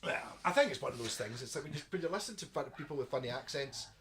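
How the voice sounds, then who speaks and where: A man talking at a rapid clip in a mid-pitched voice. He is eager and chatty, tumbling over his own restarts as he piles on details about the guitar. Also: expressive, fairly bright tone. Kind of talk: casual chat.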